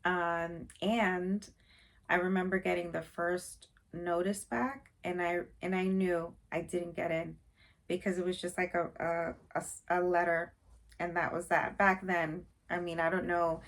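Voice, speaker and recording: A woman's voice: on the low side, little pitch movement, a little slow. A woman vlogger in casual chat, rambling with many fillers and openly sensitive about her feelings.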